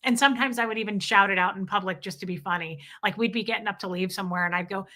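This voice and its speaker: Bright-voiced woman telling stories. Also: mid-range voice, rapid-fire. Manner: animated, candid, swearing at times. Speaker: vlogger. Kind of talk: casual storytelling to viewers.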